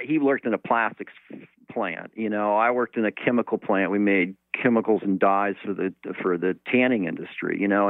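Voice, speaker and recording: A man in his sixties talks through a guest interview in an unhurried, reflective way, circling back and restarting his thoughts. His voice sits fairly low. It comes through a narrow, phone-like line with a dry, close sound. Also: dry recording. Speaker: guest, sailor. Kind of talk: casual interview talk.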